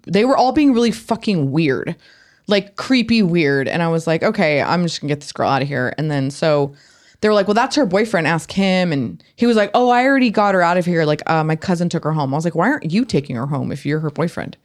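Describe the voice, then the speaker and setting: A woman co-hosting a podcast tells a story in casual chat, talking around her new braces in a lowish voice at a fast pace. She's an animated storyteller who swears freely and often.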